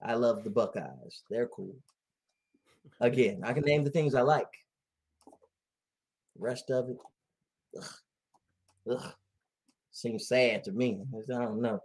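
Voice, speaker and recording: A man chats casually on a podcast, his voice sitting at an ordinary middle pitch. He tells stories with animated energy and laughs often between his lines. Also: takes it slowly, long pauses, husky. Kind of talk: casual chat.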